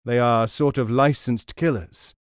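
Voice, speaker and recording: A man's voice: medium pitch, measured pace, smooth, no echo, studio quality, lightly acted. A man voicing a courteous, confident adult male leader of a band of men in an audiobook. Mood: informative.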